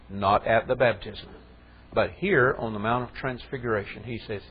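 A man's voice: medium pitch, moderate pace, breathy edge, highs cut off. A man preaching a sermon in a conversational way that rises into fervent emphasis.

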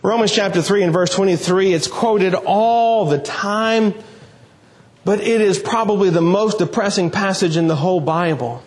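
A man preaching a sermon, reading scripture aloud and then speaking in an earnest, emphatic way with slow, weighty pauses. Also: high voice.

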